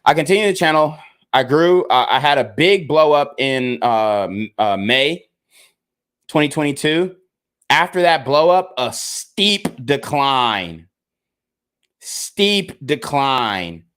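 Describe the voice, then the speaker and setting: A man's voice: fairly high pitch, expressive, a little slow, a bit bright, clean tone. A young man, a video creator, talking straight to his viewers in a frustrated, emphatic rant, repeating himself and swearing. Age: young adult. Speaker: content creator. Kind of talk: casual rant to camera.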